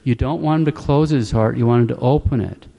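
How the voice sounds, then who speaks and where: A man giving a calm, plain-spoken religious teaching, repeating key points for emphasis. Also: mid-range voice, a little fast, creaky, big-room sound, muffled recording. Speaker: Catholic preacher. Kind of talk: instructional religious talk.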